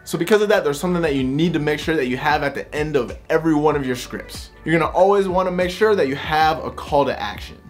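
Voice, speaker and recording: A man's voice: fairly high pitch, fast, few pauses, faint music behind. A man explaining how to script videos in a direct, conversational tutorial, talking freely from bullet points rather than reading. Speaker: YouTube creator giving tips. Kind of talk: casual talking-head tutorial.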